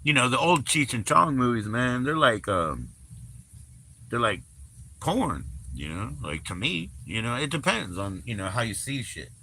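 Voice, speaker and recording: A man's voice: mid-range voice, big pitch swings, unhurried, pushed and bright, slight background noise. A man hosting a livestream, chatting loosely with lots of swearing, fillers and laughter. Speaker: livestream host. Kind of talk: casual rambling livestream chat.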